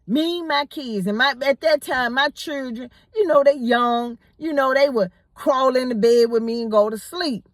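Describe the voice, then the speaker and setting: A woman telling a personal story in a casual, animated way, often repeating words as she goes. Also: high voice, normal speed, hardly any pauses, no echo. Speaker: storyteller host.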